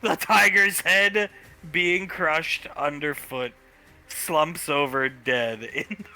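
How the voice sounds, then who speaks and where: Man, tabletop player, high, piercing voice, improvised narration over faint music. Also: extremely slow, pushed and bright. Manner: narrates actions between lines, often laughing. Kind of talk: improvised role-play narration.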